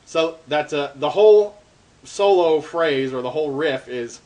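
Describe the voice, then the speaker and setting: Loud music plays behind a man with a slightly high voice who, at a measured pace, casually teaches darbuka rolls. He explains step by step with lots of ums and uhs, drumming between phrases.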